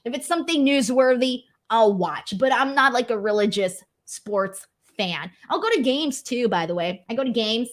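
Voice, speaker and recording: A woman's voice: fairly high pitch, fairly bright tone. Chatty, self-mocking young woman host. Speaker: wrestling show host reading super chats. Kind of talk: casual livestream chat.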